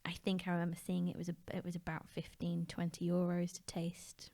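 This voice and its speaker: Relaxed woman with a slightly low voice co-hosting a travel chat show, recalling details with fillers. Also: fairly quick, gravelly. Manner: easygoing, hesitant recollection with many fillers. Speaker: travel podcast co-host. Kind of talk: casual conversational storytelling.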